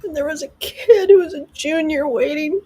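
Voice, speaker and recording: A woman's voice: high voice, moderate pace, warm tone, rough recording. A middle-aged woman hosting a live stream, talking in an emotional, rambling and profane way because she is upset.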